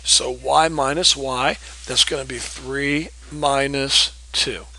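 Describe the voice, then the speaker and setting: A man's voice: mid-range voice, fairly even intonation, takes it slowly, gravelly, pushed and bright, husky, low-quality recording. A man teaching a recorded geometry lesson, patiently walking through problems and checking in with "okay?". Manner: patient, repeats key points with checks like "okay?". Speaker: math teacher.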